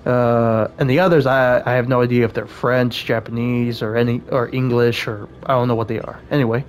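A man's voice: mid-range voice, level tone, brisk, few pauses, soft background music. A man playing a game on video, commenting casually, swearing, and reading the characters' dialogue aloud in shifting put-on accents. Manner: swears casually, stumbles and restarts, reads character lines in shifting mock accents. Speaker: let's play gamer.

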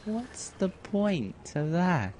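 Slow-talking man muttering over gameplay. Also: sits high, very animated, a little mellow, slight background noise. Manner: muttering to himself, bursts of outrage. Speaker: gameplay commentator. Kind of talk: let's play commentary.

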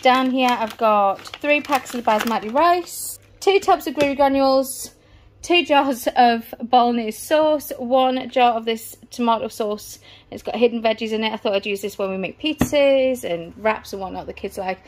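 At normal speed and in a fairly high voice, a mom casually narrates her grocery haul item by item for a vlog, slightly out of breath. She's indoors at the family home, and there's a faint hiss or hum.

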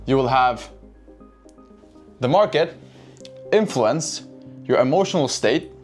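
A man's voice: mid-range voice, expressive, slow, soft background music. Profane, chatty man teaching trading. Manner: profane, keeps asking "right?", addresses chat. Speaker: trading educator. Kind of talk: casual whiteboard trading lesson.

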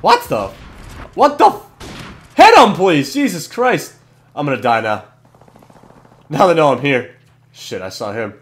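Young guy doing shooter commentary, swears a lot, voice jumps all over, kinda high. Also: a little slow, long pauses, a little hiss or hum. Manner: excitable, swears, shouts at kills. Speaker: gaming channel host. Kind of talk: gameplay commentary.

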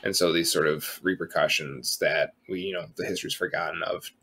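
A man co-hosting a podcast, talking in a relaxed, rambling way, full of fillers and casual swearing. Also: low voice, brisk, breathy edge. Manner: relaxed, rambling, lots of um and sort of, swears freely. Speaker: podcast co-host.

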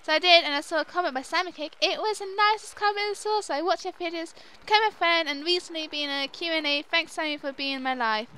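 A young woman hosting a let's play, reacting excitably to the game with squeals and laughter. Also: very high voice, quick pace, few pauses. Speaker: gaming channel host. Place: home room at her dad's house.

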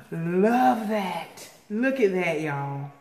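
A woman in a casual home vlog, unboxing fan mail at an unhurried pace. She gasps and repeats herself in delight. Her voice rings in an echoey room with long reverb and a faint hiss behind it. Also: medium pitch. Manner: excitable, gasping, repeating herself. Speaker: vlogger opening viewer mail.

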